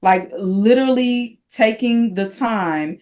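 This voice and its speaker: A middle-aged mother answering interview questions, thoughtful and halting. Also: fairly high pitch. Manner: thoughtful, halting, with fillers and soft laughs. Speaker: guest, mother.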